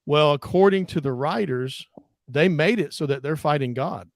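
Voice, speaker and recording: Guy a bit high-voiced, animated, keeps losing names mid-sentence, dry close sound. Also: normal speed, no echo. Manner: animated, acts out quotes, gropes for names. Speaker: ministry discussion panelist. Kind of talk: casual online panel talk.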